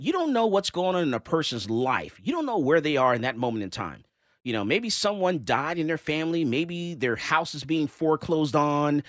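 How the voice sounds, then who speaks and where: Animated man telling stories. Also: sits high, no echo, clean studio sound. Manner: animated storyteller, acts out quotes, laughs often. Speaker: host and handgun license instructor. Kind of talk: casual talk radio chat.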